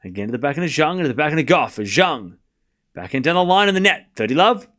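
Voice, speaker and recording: Man calling tennis shots, lively pitch. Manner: calls each shot in quick bursts, chatty asides. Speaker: host of a tennis watchalong stream. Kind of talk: live play-by-play tennis commentary.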